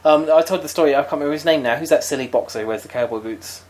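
A man from England in casual chat as a podcast co-host, an animated storyteller who slips into silly voices. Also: a little high, rapid-fire.

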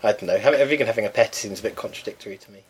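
A man co-hosting a podcast in a studio, talking in a quick, quippy way and laughing easily. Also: lowish voice, a little hiss or hum. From half Welsh. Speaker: podcast co-host. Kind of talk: casual chat.

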